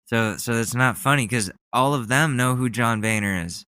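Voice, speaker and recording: A man's voice: medium pitch, moderate pace, bright, forceful tone, clear, resonant tone, dry recording. A young man hosting a podcast, rambling in casual, sarcastic commentary with plenty of swearing. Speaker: podcast host.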